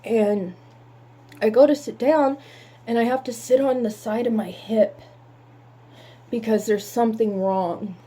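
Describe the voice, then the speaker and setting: A woman telling a painful personal story in halting words, holding back tears. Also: fairly high pitch, steady tone, dark tone, breathy edge.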